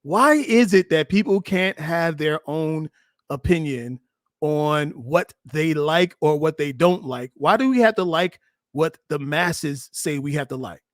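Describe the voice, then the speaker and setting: A middle-aged man speaks to his viewers as a relationship coach, his voice sitting a little high. He talks in an emphatic, preaching way and often stops to restart his sentences. The room around him is dry and close. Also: measured pace, no room sound. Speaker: dating and relationship coach reacting to a clip. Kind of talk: casual commentary to viewers.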